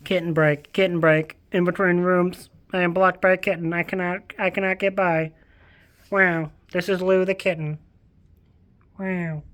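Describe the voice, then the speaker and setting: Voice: mid-range voice, level tone, a little slow, a bit bright, no room sound. Goofy book vlogger wandering around the house, rambly and jokey, swears a bit. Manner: rambling, jokey, swears casually, puts on silly voices. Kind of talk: casual bookshelf tour. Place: home, walking between rooms.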